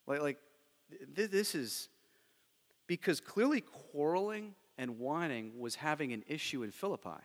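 Animated high-voiced pastor preaching in a hall. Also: male voice, unhurried. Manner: conversational, animated preaching with rhetorical questions. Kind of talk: sermon. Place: church sanctuary.

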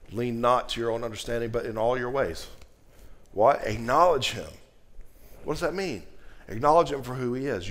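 A man preaching a sermon, moving from loud, emphatic lines to soft, low passages. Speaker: pastor.

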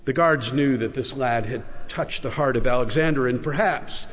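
A man's voice: mid-range voice, normal speed. A man, a pastor, preaching a sermon and telling a story with emphasis, in a large church sanctuary. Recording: echoey large church hall.

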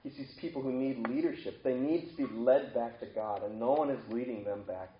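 A man's voice: mid-range voice, a little fast, slight background noise. A man preaching a sermon in a conversational way, asking his listeners a string of questions. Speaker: pastor. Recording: echoey room, dull lo-fi sound.

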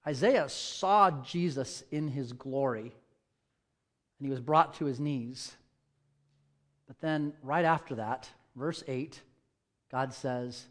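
A church elder preaching a sermon, moving between scripture reading, a quiet prayer and personal stories with loud dramatic peaks. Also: male voice, mid-range voice, takes it slowly. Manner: reads scripture, prays softly, then tells stories and rises to loud dramatic peaks.

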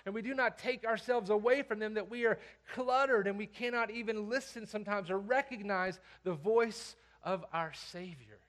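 High-voiced pastor preaching with emphatic swings. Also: male voice, normal speed, few pauses. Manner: emphatic preaching, swings from hushed to loud commands; reads scripture aloud. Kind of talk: sermon.

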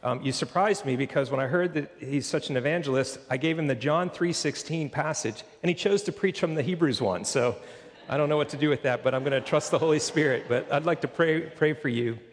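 An American man, a pastor, introducing a visiting preacher and praying, in a relaxed, halting way. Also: fairly high pitch. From United States. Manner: relaxed, hesitant, with many fillers. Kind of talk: church introduction and prayer. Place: church sanctuary. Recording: reverberant church hall.

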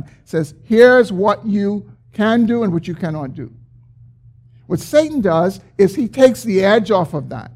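A man preaching a sermon, explaining a scripture passage with emphatic, drawn-out stresses. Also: sits high, lively intonation. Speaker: pastor.

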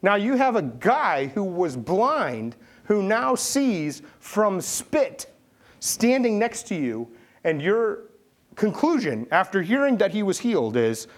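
Male pastor, a little higher-pitched than most men, very lively and expressive delivery, preaching with storytelling flair. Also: takes it slowly. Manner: animated storytelling, acting out voices with big pitch swings. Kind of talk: sermon.

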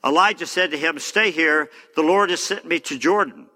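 A man's voice: a little high, normal speed, bright, forceful tone. A man preaching a sermon, reading scripture aloud with frequent fillers and casual asides. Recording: long hall reverb.

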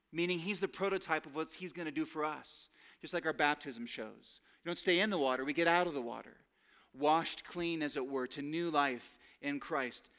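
A man preaching a sermon with earnest emphasis, lifting his voice on key phrases and dropping lower and slower to quote scripture. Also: fairly bright tone. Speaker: pastor.

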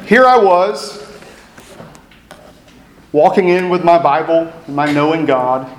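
Man in his thirties, pastor telling a wry personal story in a sermon, slightly high voice, roomy echo. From East Texas. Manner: reflective storytelling with self-deprecating humor. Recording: echoey room.

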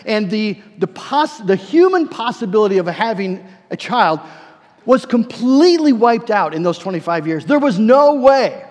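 A man preacher delivering a sermon, emphatic, repeating words and slowing down for key phrases. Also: high-pitched. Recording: long hall reverb.

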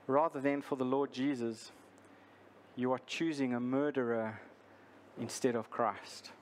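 A male pastor preaching a sermon, earnest and deliberate, repeating his key lines for emphasis. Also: mid-range voice, slight background noise.

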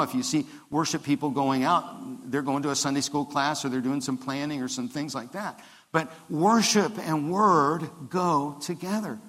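A fairly high-voiced man preaches a sermon in a loose, conversational way, often restarting his sentences before pushing up to emphatic peaks. His voice carries a long reverb from the church hall. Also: a bit bright. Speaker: pastor. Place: church sanctuary.

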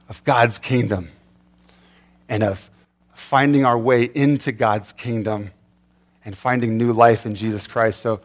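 Conversational preacher, a man. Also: mid-range voice. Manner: conversational, repeats words and restarts. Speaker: pastor. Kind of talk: sermon.

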